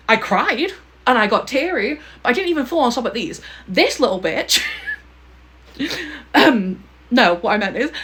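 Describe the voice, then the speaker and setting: A woman's voice: sits high, a bit bright. A young woman talking casually to camera about her favourite books, gushing and emphatic, often ending a point with a pointed "okay?". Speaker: book vlogger.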